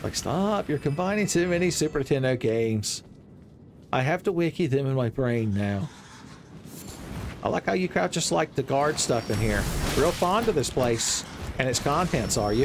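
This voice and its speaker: A young man giving playful, joking commentary over his own gameplay, breaking into loud exclamations. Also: on the high side, expressive, normal speed, slight background noise. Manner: playful, jokey, swings into loud shouted exclamations. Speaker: gaming video creator.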